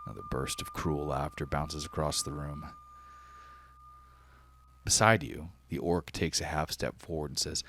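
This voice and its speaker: A man narrating a tabletop game as game master in a dramatic, measured way. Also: a bass voice, steady tone, fairly bright tone, a little hiss or hum.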